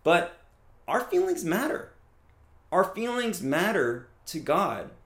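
A man in his thirties preaching a sermon in a relaxed, conversational way, often checking in with his listeners. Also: sits high, slow pace, echoey room. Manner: conversational, frequent "right?" and fillers. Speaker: pastor.

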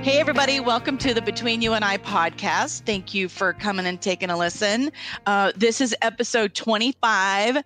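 A woman's voice: mid-range voice, moderate pace, over music. A woman hosting a podcast in casual chat, gushing and enthusiastic, rambling and restarting her sentences as she talks. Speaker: podcast host.

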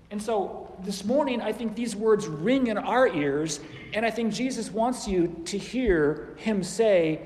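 A man's voice: high-pitched, unhurried, darkish tone. A man preaching a sermon in a church, earnest and conversational, sharing anecdotes. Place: church sanctuary. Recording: echoey church hall with long reverb.

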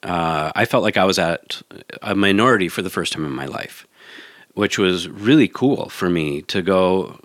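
A man's voice: low voice, lively intonation, moderate pace, fairly bright tone, no echo, studio quality. A man, a yoga teacher, in a casual podcast chat, earnest and reflective, often restarting his sentences.

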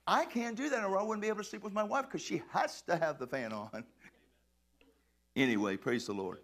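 A man preaching a sermon, animated and playful, swinging into shouts and laughs as he tells the story. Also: high-pitched, fairly quick. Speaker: pastor.

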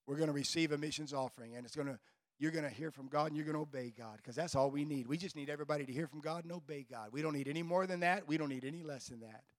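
A man's voice: on the high side, rapid-fire, no echo. Fervent preacher man, dry close sound. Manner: fervent, repetitive praying cadence. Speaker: pastor. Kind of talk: closing prayer and altar call.

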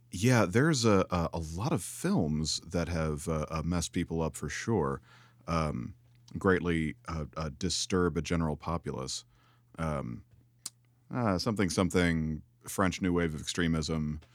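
A man's voice: low voice, takes it slowly, no room sound. A man co-hosting a podcast in casual chat, blunt and joking, cutting in with crude questions. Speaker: podcast co-host.

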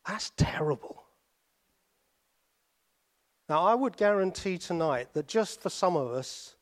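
British male preacher, fairly high voice, storytelling sermon with soft asides. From Britain. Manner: storytelling, with pauses and sudden drops to soft asides.

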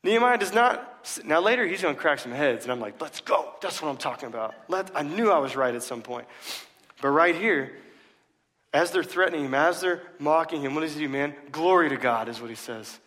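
A man's voice: a little high, lively intonation, a little fast, fairly bright tone. A male pastor preaching a sermon in a casual, emphatic way, full of slang, in a church. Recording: long reverb of a large hall.

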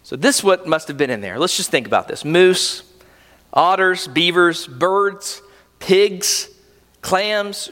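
A man's voice: high voice, fairly bright tone, big-room sound. A man preaching a sermon as a pastor, telling the story vividly and with animation.

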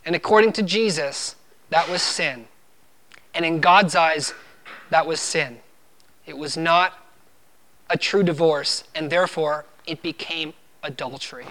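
Pastor guy preaching, kinda high voice, earnest and emphatic, hammers his points. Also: bright, forceful tone. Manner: earnest, emphatic preaching with firm repeated refrains. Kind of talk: sermon.

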